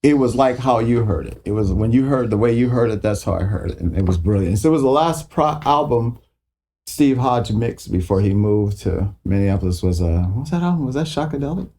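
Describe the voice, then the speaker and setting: A man's voice: medium pitch, a little fast. A man in his sixties telling casual, profane stories as an interview guest, acting out the voices of people in his stories. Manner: profane, animated, acts out others' voices. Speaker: guitarist guest.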